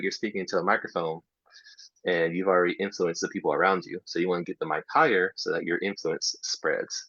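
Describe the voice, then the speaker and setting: A man teaching a casual workshop for English teachers, explaining step by step and dropping into soft half-whispered asides. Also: low-pitched, creaky, breathy edge, no echo. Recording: dull lo-fi sound.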